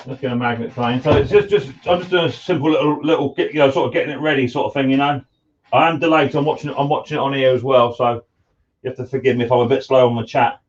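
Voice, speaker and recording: A man's voice: mid-range voice, steady tone, fast, dull audio, a little hiss or hum. Chatty man, distant workshop mic. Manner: chatty, greets viewers by name, calls them mate and buddy. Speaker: live-stream host, mower repairer. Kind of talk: casual live-stream chat while working. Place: home workshop.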